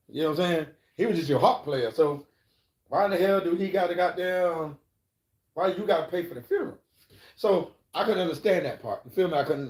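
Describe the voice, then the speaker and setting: Guy on a live stream rambling and cussing, kinda high voice, echoey room. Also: a little mellow. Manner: rambling, profane, keeps asking "you know what I'm saying". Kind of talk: casual storytelling.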